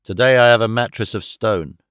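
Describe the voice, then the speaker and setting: A man voicing a rough, worn-out vagrant who answers harshly and angrily in a storybook reading. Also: fairly low pitch, brisk, a bit bright, no echo, clean studio sound, lightly acted. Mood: gruff. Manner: harsh, curt replies.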